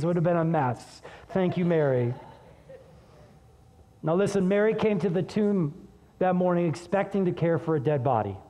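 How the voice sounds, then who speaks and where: A man preaching a sermon as pastor, conversational and energetic, dropping low and soft when reading scripture. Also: normal speed, in a large hall.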